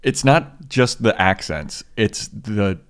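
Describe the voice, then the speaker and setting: A man's voice: on the low side, lively intonation, slow pace. A man co-hosting a podcast, chatting loosely with plenty of swearing. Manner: loose and profane, says dude. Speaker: podcast co-host. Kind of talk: casual chat.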